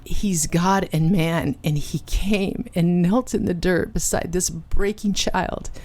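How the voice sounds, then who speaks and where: A woman and ministry cofounder giving an earnest, emotional personal testimony, with dramatic pauses. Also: fairly low pitch, fairly even intonation, darkish tone. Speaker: ministry cofounder and conference speaker.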